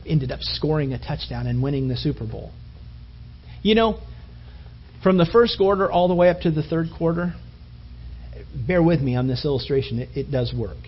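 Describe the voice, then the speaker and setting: A male preacher delivering a sermon as animated storytelling that builds to emphatic peaks. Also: mid-range voice, slight background noise. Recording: dull lo-fi recording.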